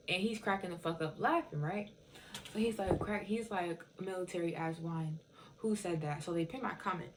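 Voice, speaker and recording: A woman's voice: fairly low pitch, slight background noise, rough recording. A woman telling a rambling, profane storytime rant in casual speech, full of fillers like "it's just like". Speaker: TikTok viewer telling a story.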